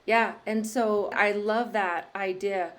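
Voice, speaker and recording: Woman, podcast host, casual interview chat, lively storyteller, frequent laughs. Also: mid-range voice, slow pace.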